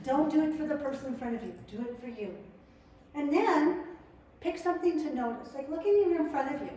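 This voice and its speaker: A middle-aged woman presenting a family skills workshop, talking in a lively, conversational way to a live audience and acting out the quotes. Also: sits high, fairly quick. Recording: echoey room, mic far off.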